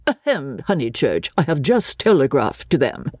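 Woman voicing a brash young brother, teasing, boisterous, husky, dry sound. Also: extremely low pitch, sing-song, normal speed, darkish tone, dry recording, heavily acted. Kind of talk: dramatic reading.

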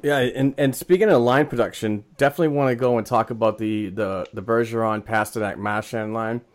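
A man's voice: mid-range voice, a little fast. A man co-hosting a podcast, hesitant with many fillers, reading out numbers enthusiastically. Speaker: podcast co-host. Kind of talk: casual sports chat.

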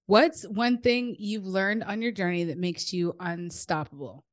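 A woman hosts a casual faith chat, excited and emphatic, punching her points home. Her pitch sits in the middle range. The sound is dry and close, with no room echo. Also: unhurried. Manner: enthusiastic, emphatic asides with "okay?". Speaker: podcast host.

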